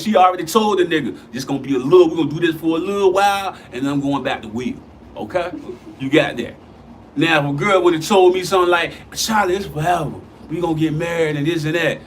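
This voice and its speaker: A man co-hosting a casual live-stream chat, emphatic and quick to laugh. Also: fairly high pitch, slight background noise. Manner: animated, emphatic, laughs often. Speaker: co-host.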